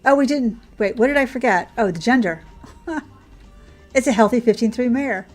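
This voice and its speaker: A woman talking through a relaxed gameplay session in a casual, rambling way. Her voice sits a little high, and she coos fondly at the horses she rides. The chat drifts easily between side stories and the game. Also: moderate pace, faint music behind. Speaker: gaming channel host.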